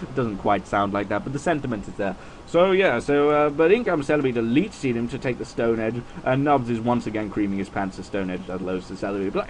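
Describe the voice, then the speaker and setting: A young man rambles through casual video game commentary, chatty and self-mocking. His mid-pitched voice swings up and down as he talks. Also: animated, fairly quick, slight background noise, rough recording.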